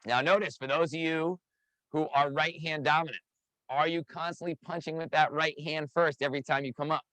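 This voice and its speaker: An energetic man coaching a live online workout class over a video call, counting down reps and calling out participants by name. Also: on the high side, brisk, no echo, rough recording. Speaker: fitness instructor.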